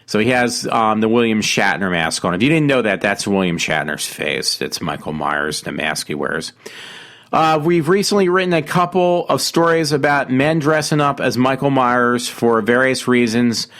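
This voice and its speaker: A man's voice: mid-range voice, moderate pace, fairly bright tone. A man hosting his own casual show, rambling and correcting himself with lots of ums while fiddling with his mic. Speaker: host. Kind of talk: casual solo show chat. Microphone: home mic being adjusted.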